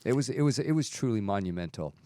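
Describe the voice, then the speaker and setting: A middle-aged man co-hosting a casual talk show, telling stories with lively, caffeinated energy. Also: on the low side, fast. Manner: animated storyteller, wired on caffeine. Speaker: co-host. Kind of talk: casual chat.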